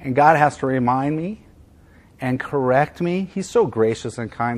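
A man preaching a sermon as pastor. He speaks with emphasis, repeats key phrases, and swings from loud stress to quiet, soft passages. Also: medium pitch, lively intonation, moderate pace.

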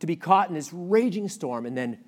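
A man preaching a sermon, asking the listeners questions and swinging between loud outbursts and hushed lines. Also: fairly high pitch, lively intonation, a little fast. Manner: asks the audience questions. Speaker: pastor.

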